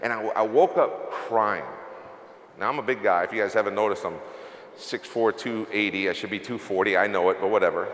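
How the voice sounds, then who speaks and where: A middle-aged company CEO speaks from the stage of a large event hall, telling an earnest, emotional, confessional story in a motivational speech. His voice is fairly low and fairly bright, and he talks a little fast. The recording echoes with long hall reverb and carries a little hiss or hum.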